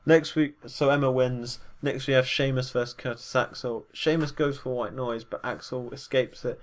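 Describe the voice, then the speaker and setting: A man's voice: mid-range voice, steady tone, moderate pace. A man giving a casual, rambling recap of wrestling matches, full of fillers and self-corrections. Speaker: wrestling show reviewer.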